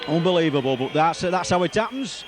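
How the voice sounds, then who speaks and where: His voice is on the high side and fast as he delivers live rugby league commentary, rambling with excitement and echoing player names as play progresses. Background noise can be heard.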